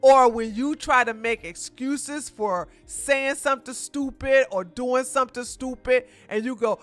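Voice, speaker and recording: A woman streamer giving casual livestream commentary while reviewing a show, animated and laughing often, with frequent restarts. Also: sits high, measured pace, few pauses, faint music behind.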